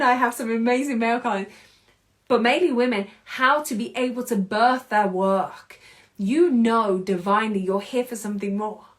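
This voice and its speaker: An energetic woman in her thirties speaks with a somewhat high, lifted voice. She talks as a podcast host giving a motivational monologue, in emphatic, quick bursts. Her tone stays casual and chatty, with the odd mild curse. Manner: casual, with mild swearing and laughs. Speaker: podcast host and anxiety coach.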